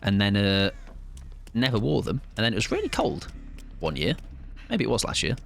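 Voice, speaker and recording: A man's voice: fairly low pitch, big pitch swings, normal speed, creaky. A young man streaming a game live, chatting in a joking, self-mocking, rambling way.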